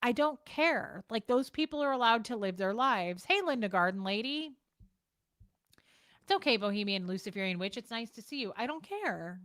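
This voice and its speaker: A woman livestreams a casual chat to her viewers from a home setup, speaking bluntly and with plenty of profanity. Her voice is fairly high and fairly bright with lively intonation, her delivery shifts fast, and there's no echo.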